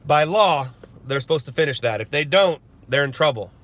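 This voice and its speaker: A man's voice: a little high, animated, brisk, fairly bright tone. Chatty man streaming from his car. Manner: joking, chatty, laughs often. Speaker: news stringer and streamer. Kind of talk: casual live-stream chat. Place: inside a parked car. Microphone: phone.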